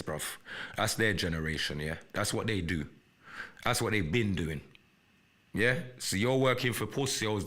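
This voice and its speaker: Defiant, profane man with a sharp voice. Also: fairly low pitch. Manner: profane, defiant, repetitive and threatening. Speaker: live podcast host. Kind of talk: confrontational livestream rant.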